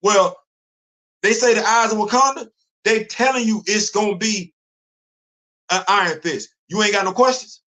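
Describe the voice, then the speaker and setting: Animated high-voiced male stream host. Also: normal speed, pauses often. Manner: animated, rhetorical questioning, repeats himself. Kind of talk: live stream commentary.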